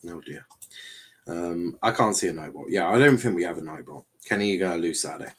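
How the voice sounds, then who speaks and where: A man's voice: sits low, a little fast, husky. A man hosting a casual panel chat, reading out chat comments and teasing his co-host. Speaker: show host.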